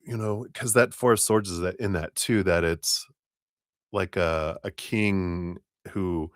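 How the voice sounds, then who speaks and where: A man reading tarot cards on a live stream, talking in a relaxed, meandering way with many fillers and now and then raising his voice to act out spirit voices. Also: takes it slowly, no room sound, studio quality. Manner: acts out spirit voices in a raised pitch, laughs often. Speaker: tarot reader.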